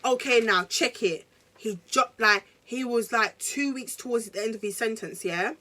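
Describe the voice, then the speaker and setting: Bright-voiced young woman vlogger. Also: on the high side, normal speed. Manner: animated, slangy, addresses viewers directly. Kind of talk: casual storytelling to camera.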